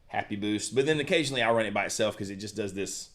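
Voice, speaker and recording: Male stream co-host, low voice, relaxed rambling gear talk. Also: fast talker. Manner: relaxed, rambling, lots of fillers and restarts. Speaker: co-host of a guitar shop live stream. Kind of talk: casual chat, reading viewer comments.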